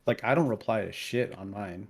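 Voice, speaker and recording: A man's voice: fairly low pitch, normal speed, slightly rough. A man in his thirties co-hosting a podcast, telling a story in casual chat with lots of swearing and heated asides. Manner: profane, animated storytelling. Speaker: podcast co-host.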